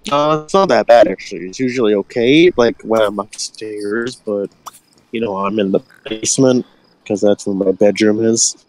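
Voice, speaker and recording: A tired man on a casual voice chat from his basement bedroom, halting and restarting often. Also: on the low side, a little mellow, a little hiss or hum, poor audio. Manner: halting, many restarts and fillers. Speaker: stream guest.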